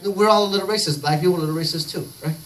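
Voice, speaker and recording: A man's voice: high voice, rapid-fire, over a noisy crowd. A man doing a rambling, crude stand-up comedy set full of profanity on a comedy club stage. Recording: distant mic, noisy live recording.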